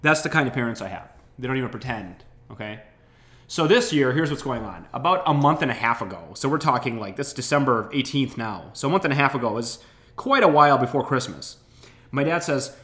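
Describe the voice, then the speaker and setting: A man's voice: mid-range voice, expressive, fairly quick, a bit bright. A man hosting a podcast, telling a rambling, wry, complaining story while getting over an illness. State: recovering from illness. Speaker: podcast host. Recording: roomy echo.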